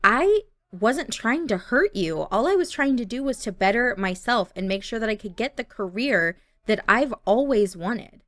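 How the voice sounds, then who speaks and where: A woman's voice: fairly high pitch, lively intonation, normal speed, fairly bright tone, dry recording. A woman voicing a young female student who sounds earnest, a bit defensive and hurt. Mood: upset.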